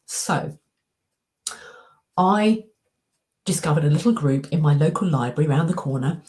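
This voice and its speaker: A woman's voice: fairly low pitch, a little mellow. A middle-aged woman, giving a coaching presentation with slides and acting out her inner dialogue as she tells a story. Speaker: anxiety coach and speaker.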